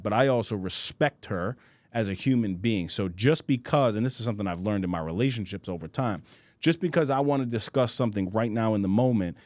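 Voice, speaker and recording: A man's voice: lowish voice, a little mellow, no room sound. A man in his thirties hosting a podcast, telling stories in casual, slangy chat and laughing easily. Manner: loose slangy talk, says bro a lot, laughs easily. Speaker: podcast host.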